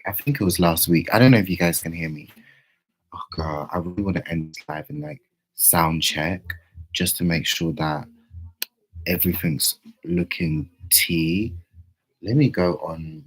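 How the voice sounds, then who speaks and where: A man chatting casually on a livestream, playful, with sudden loud outbursts. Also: deep voice, rough recording.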